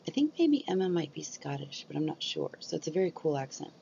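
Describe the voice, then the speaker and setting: A woman's voice: sits low, very animated, quick pace, creaky, dark tone, dull audio, a little hiss or hum. A woman vlogger chatting casually and rambling. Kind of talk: casual chat about ASMR.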